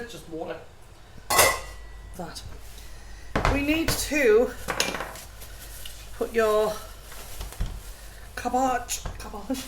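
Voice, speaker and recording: A woman hosting a casual home cooking vlog, chatty and self-mocking with frequent giggles. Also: fairly high pitch. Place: home kitchen. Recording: echoey room, noisy background.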